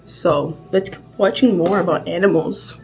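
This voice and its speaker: A woman's voice: lowish voice, moderate pace, gravelly, darkish tone, soft background music, low-quality recording. Chatty woman reacting to clips. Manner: chatty, rambling, many fillers. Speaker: reaction video host. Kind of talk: casual reaction commentary.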